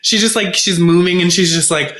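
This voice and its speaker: Man, high and bright, profane mocking podcast co-host in an echoey room. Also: brisk. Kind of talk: casual chat.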